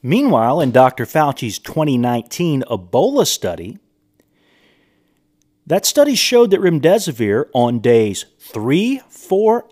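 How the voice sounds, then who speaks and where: A man's voice: a little high, darkish tone. A man hosting a podcast, reading quotes aloud and commenting on them in an emphatic, incredulous way. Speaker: podcast host. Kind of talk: monologue reading and commenting on sources.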